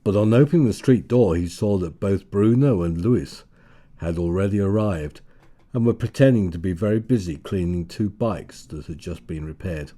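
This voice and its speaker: Low-voiced guy reading a story aloud, calm, warm mellow tone. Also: moderate pace. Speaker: narrator. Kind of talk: storybook narration.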